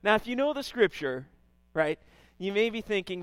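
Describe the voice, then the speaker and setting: A middle-aged man preaching in a relaxed, talky way, his voice sitting a little higher than most men's. He keeps checking in with his listeners and doubles back on his words. The sound is dry and close, with no room around it. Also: normal speed, clear, resonant tone, no room sound. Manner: conversational preaching, frequent "right?" and repeated words. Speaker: pastor. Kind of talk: sermon.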